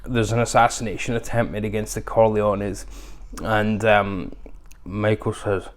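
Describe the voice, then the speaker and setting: A man's voice: fairly low pitch, little pitch movement, a little slow. A man hosting a casual unboxing review, chatty and rambling with lots of fillers. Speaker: video host.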